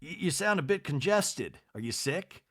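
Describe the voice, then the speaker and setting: A man's voice: on the high side, very animated, moderate pace, a bit bright, heavily acted. A man doing a subdued, dry impression of a grown son talking to his mother.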